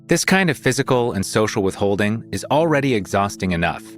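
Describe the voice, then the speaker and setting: A man narrating a scripted podcast in a steady, deliberate way. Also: on the low side. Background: music.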